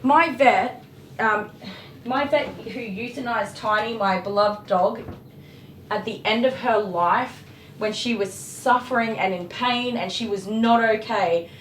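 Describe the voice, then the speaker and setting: A woman's voice: on the high side, slow pace. A woman, a dog groomer chatting casually while she grooms, getting passionate and worked up as she talks, with mild swearing. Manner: passionate, ranting, swears mildly. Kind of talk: casual chat while grooming on a live stream. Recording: echoey room with electric clipper noise.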